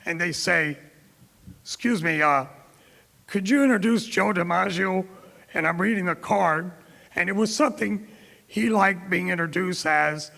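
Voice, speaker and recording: Gravelly middle-aged man telling stories in a hall. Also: high-pitched, unhurried, pauses often, sharp tone. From Tampa, Florida. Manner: anecdotal, quotes others in dialogue. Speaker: keynote speaker. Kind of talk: storytelling speech. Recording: reverberant hall.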